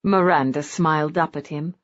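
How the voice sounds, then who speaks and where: A woman narrating a romance audiobook in an expressive, lively reading style. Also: sits low, moderate pace. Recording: dull lo-fi audiobook recording.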